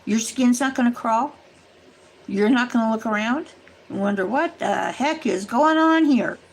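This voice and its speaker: A woman's voice: fairly high pitch, measured pace, low-quality recording. A woman hosting a livestream, chatting casually and earnestly to her viewers, rambling as she warns them. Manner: addresses viewers directly. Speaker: livestream host. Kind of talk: casual chat to a live audience.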